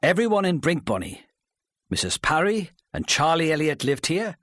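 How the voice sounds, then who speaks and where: A man as a calm police inspector. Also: fairly high pitch, dry recording, studio quality, voice pushed up. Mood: probing. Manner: calm, measured questioning. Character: patient, probing male police inspector.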